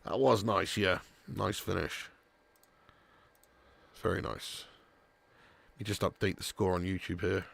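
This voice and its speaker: Chatty man, gravelly voice. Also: deep voice, steady tone, unhurried, pauses often, fairly bright tone. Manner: chatty, banter with chat, swears casually. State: a little sleepy. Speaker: watch-along streamer. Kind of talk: live football watch-along chat.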